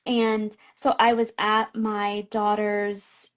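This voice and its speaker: A middle-aged woman, a picture book author, chatting as a guest and telling an animated story full of "like" fillers and laughter. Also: mid-range voice, slow pace. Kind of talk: casual chat.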